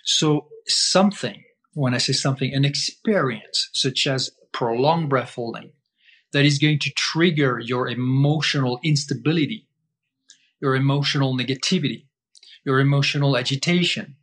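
Guest man, mid-pitched voice, emphatic and repetitive teacher who answers his own questions. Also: moderate pace, a bit bright. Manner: emphatic, repetitive, asks himself rhetorical questions. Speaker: guest breath-holding teacher. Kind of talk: explaining in conversation.

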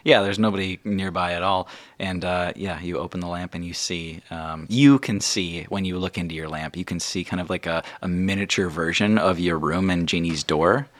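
A man's voice: low-pitched, steady tone, normal speed. A man narrating a tabletop game as game master, chatty and full of fillers.

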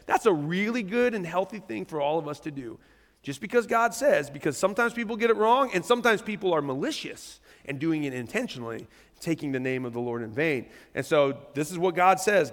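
A man preaching a sermon as pastor, talking in a casual, animated way and reading scripture aloud from a church stage. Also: a little high, fairly quick. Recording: long reverb of a church hall.

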